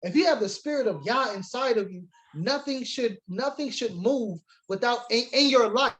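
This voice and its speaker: A man's voice: extremely high pitch, animated, normal speed, hardly any pauses, fairly bright tone, low-quality recording. A man teaching a sermon-style Bible lesson to a congregation, reading scripture aloud and defining words, switching between emphatic preaching and casual asides.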